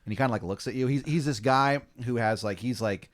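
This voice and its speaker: A man's voice: mid-range voice, fairly quick. A man in his own voice, telling an improvised scenario in a loose, rambling way. His speech is full of "like" fillers and broken by laughter. He is hosting a casual comedy podcast. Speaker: podcast host leading an improv scene.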